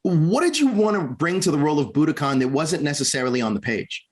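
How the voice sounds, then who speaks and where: Upbeat male interviewer, higher voice. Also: animated, quick pace, slightly rough. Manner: enthusiastic, praising questions. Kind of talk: entertainment press interview.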